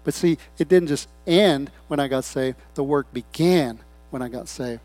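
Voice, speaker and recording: A pastor preaching a sermon, swinging between loud appeals and hushed, quiet asides, acting out short quoted voices. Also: male voice, fairly high pitch, normal speed, no echo, faint music behind. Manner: acts out people's voices in short quoted bits.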